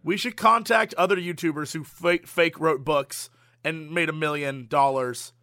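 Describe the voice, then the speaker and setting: A man co-hosting a casual chat, joking in an animated way, with a sore throat. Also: fairly high pitch, unhurried, no room sound, clean studio sound. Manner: animated, jokey, goofy asides. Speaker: podcast co-host.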